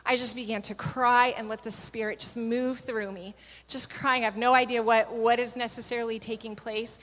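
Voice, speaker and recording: A woman with a somewhat high voice tells a spiritual testimony to a gathering. She tells it earnestly and vividly, acting out what each person said. Her voice rings with the long reverb of a large hall. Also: little pitch movement, normal speed, a bit bright. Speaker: speaker sharing a testimony.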